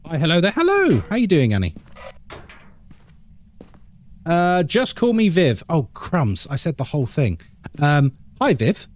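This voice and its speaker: A man hosts a live game stream, reading chat aloud and laughing often. His voice sits a little high and moves around a lot. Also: sing-song, normal speed. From England.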